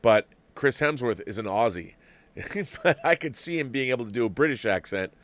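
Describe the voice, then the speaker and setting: A man's voice: mid-range voice, expressive, normal speed, a bit bright. A middle-aged man hosting a movie talk show, chatting casually and rambling with frequent restarts as he reads viewer messages. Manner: rambling, restarts with repeated words. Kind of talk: casual livestream commentary, reading viewer chats.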